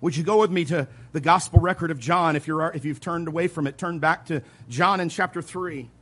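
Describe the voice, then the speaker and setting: A pastor preaching a sermon, earnest and emphatic, repeating key points, with quiet asides between louder stresses. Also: male voice, fairly high pitch, brisk. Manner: earnest preaching, emphatic repetition, occasional soft laughs.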